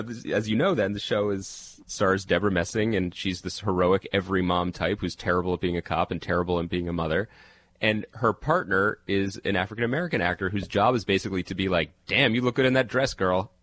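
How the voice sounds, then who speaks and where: A man, a TV critic guest on a podcast, chatting animatedly and jumping up in pitch to make a point. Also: a little fast. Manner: animated, jumps up in pitch when making a point. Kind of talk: casual chat.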